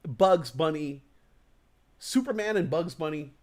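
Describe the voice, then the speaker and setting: A man hosting a casual livestream talk show, telling animated stories, acting out inner voices and swearing casually. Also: on the high side, measured pace.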